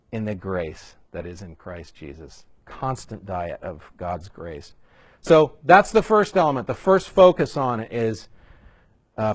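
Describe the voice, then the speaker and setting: A man's voice: medium pitch, no echo. Casual, scripture-reading man in a dry room. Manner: conversational, reads scripture aloud with rising emphasis, jokey asides. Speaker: church leader training home group leaders. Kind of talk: teaching talk to small group leaders.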